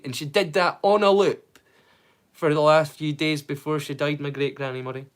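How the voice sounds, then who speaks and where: A man's voice: on the high side, fairly even intonation, normal speed. A man hosting a casual livestream watch-along, chatting, joking and swearing freely with his viewers. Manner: greets viewers loudly and brightly. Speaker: livestream host.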